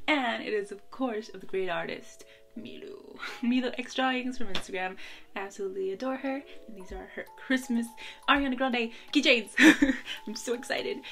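A young woman vlogging a casual unboxing, bubbly and giggly, gushing with excitement as she goes. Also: a little high. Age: young adult.

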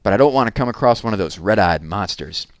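Male reader doing a brash, slangy country townsman in a storybook; low-ish voice, dry read. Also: animated, fast talker, no echo, lightly acted. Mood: boastful. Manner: folksy, slangy backcountry talk. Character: rough-spoken rural townsman, nervous of monsters.

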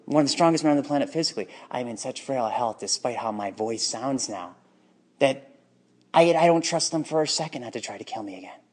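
A man telling his own life story in an unscripted personal monologue, bitter and emotionally charged, halting at times. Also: medium pitch, expressive, husky.

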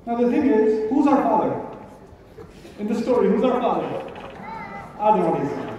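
A man's voice: very high voice, lively intonation, normal speed, dark tone, far from the mic, a little hiss or hum. A man giving a live religious talk to an audience, speaking emphatically with rhetorical questions and repetition. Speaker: Islamic speaker. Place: large event hall. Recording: echoey hall recording from afar, dull.

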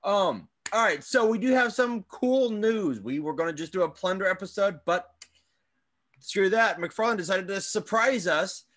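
A man's voice: sits high, animated, a bit bright. A man co-hosting a casual toy podcast, joking around and chatting loosely. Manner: joking, playful, quick asides. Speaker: podcast co-host. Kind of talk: casual chat.

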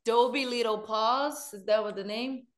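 A woman with a Brazilian Portuguese accent, a podcast guest chatting in an animated way and laughing often. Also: a little high, a little slow. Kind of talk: casual chat.

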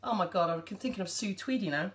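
A woman's voice: mid-range voice, lively intonation, fast. A woman chatting casually to viewers on a live stream, addressing them directly as she talks.

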